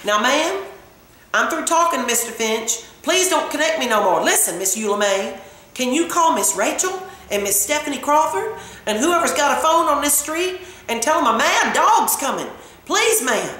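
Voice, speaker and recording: An urgent, commanding housekeeper, voiced by a woman reading aloud, her voice pitched up high and pressing hard. She pleads and insists without pause. The sound rings out in a very echoey room. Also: very animated, pushed and bright, heavily acted.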